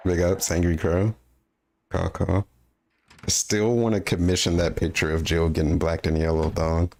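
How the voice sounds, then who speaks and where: A man's voice: sits low, level tone, moderate pace, a little mellow. A man chatting casually beside a gameplay stream, making crude jokes in a laid-back way. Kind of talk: casual chat.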